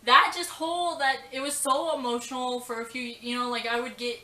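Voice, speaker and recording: A young woman tells a personal story in a casual vlog, rambling and emotional, her talk full of fillers and quoted lines. Her voice sits a little high and sounds bright and crisp. She is recorded from some distance in a roomy, echoey space. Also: steady tone, brisk. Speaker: vlogger.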